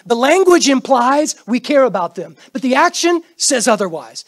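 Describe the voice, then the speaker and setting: A middle-aged pastor preaching a sermon in church, swinging between loud bursts and hushed asides and acting out quoted prayers and greetings. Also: male voice, extremely high pitch, very animated, normal speed. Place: church sanctuary.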